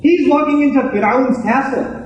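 A man's voice: extremely high pitch, normal speed. A man preaching a sermon in a conversational way, asking rhetorical questions. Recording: echoey room, mic at a distance.

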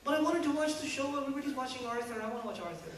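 A small child pleads in a high, whiny voice, as a man acts it out. The voice echoes through a hall with a steady hum, picked up from far off. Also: very fast. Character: young school-age child, pleading. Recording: echoey hall, distant mic, background hum.

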